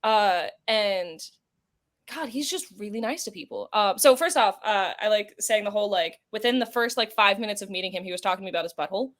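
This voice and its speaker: Brief: woman guest, rapid-fire rambling anecdotes, mid pitch. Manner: chatty, rambling storyteller with many fillers. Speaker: podcast guest. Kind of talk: casual interview chat.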